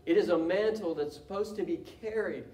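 A man preaching a sermon as pastor, impassioned, his delivery swelling into loud cries. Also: sits high, moderate pace. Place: church sanctuary. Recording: echoey church room from a distance.

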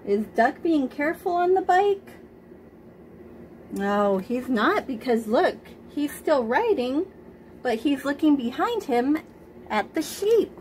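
A woman reading a picture book aloud to young children, gently stopping to ask them questions. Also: high-pitched, big pitch swings, slow, a little hiss or hum.

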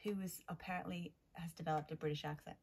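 A woman's voice: on the low side, steady tone, fast, a little mellow, slightly rough. An American woman co-hosting a casual chat, playful, laid-back and teasingly contrary. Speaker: podcast co-host.

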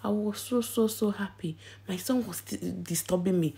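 A young woman with a Nigerian accent chatting excitedly in a vlog from inside a church, often dropping to a whisper. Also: medium pitch, moderate pace, vocal fry, hardly any pauses. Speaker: vlogger. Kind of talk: casual vlog chat.

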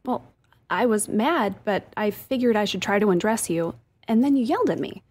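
A woman's voice: medium pitch, animated, moderate pace, a little mellow, breathy edge. A woman voicing a sweet-talking wife in a told joke, syrupy and overly nice. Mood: matter-of-fact.

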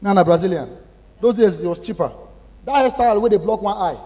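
A man's voice: sits high, a little fast. Nigerian man doing stand-up in a hall. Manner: animated, acts out characters. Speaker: stand-up comedian. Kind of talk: stand-up comedy in pidgin. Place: large hall, live audience. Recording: live hall reverb, faint noise.

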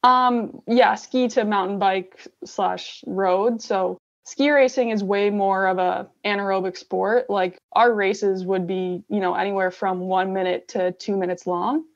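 A young woman from Canada, an athlete answering interview questions in a relaxed, casual way with many fillers. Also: mid-range voice, unhurried, few pauses. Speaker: interview guest, gravel cyclist. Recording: dull lo-fi sound.

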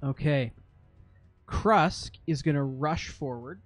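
A man's voice: fairly high pitch, slow, dry recording, faint music behind. A man running a tabletop game as game master, narrating monster actions vividly and explaining rules, with frequent fillers.

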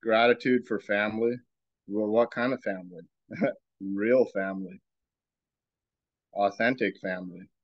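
A man hosting a podcast, giving a reflective spiritual talk in a slow, musing way and asking himself rhetorical questions. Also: fairly low pitch, dry recording, highs cut off. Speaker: podcast host.

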